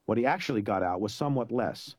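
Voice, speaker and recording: A man narrating a story in an expressive, dramatic way. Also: lowish voice, fast, no room sound. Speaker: audiobook narrator.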